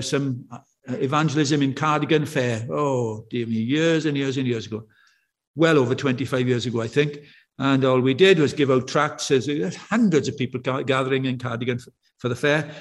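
A man's voice: mid-range voice, normal speed. A man preaching a sermon in a church, talking in a conversational way, telling stories and asking his listeners questions. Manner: conversational, anecdotal, full of rhetorical questions.

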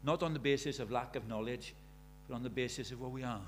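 A man preaching a sermon, animated, shifting from loud emphatic lines to quiet asides. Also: mid-range voice, fast, slight background noise.

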